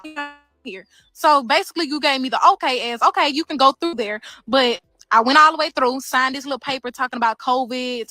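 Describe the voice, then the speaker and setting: A woman recounts her experience in a lively, upset way, quoting what people said to her. Her voice sits high and bright, and it sounds dry and close. She talks outside near the building. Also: dry recording. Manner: upset, animated retelling with quoted dialogue. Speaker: inmate's sister recounting a prison visit. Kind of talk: casual first-person account. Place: outdoors near a prison.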